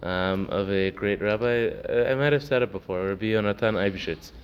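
Male Torah teacher, low register, casual storytelling; muffled lo-fi recording. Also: fairly quick. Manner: storytelling, acts out characters, many fillers. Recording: dull lo-fi recording with faint noise.

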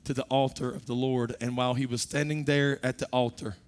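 Preaching father, soft to loud. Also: mid-range voice, flat delivery, a little fast, clean tone. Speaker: pastor. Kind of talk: sermon.

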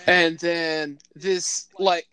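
A man's voice: fairly high pitch, little pitch movement, very slow, pushed and bright, clean tone. A man co-hosting a podcast, telling stories in crude, profane casual chat, laughing often and acting out what other people said. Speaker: podcast co-host.

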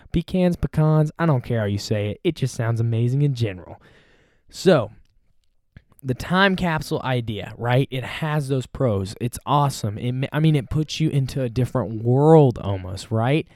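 A man's voice: mid-range voice, warm tone, dry recording, clean studio sound. A man hosting a podcast, talking on his own in a chatty, playful way and joking about himself. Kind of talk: casual solo talk.

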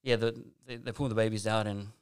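A man's voice: fairly low pitch, little pitch movement, brisk, smooth, no echo. A man telling a personal story in casual conversation, rambling and earnest with lots of asides and restarts.

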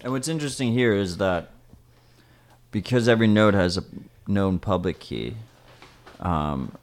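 Low-voiced man explaining on a podcast. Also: lively intonation, measured pace. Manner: explains at length, uses "like" often. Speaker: podcast co-host. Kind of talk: casual chat.

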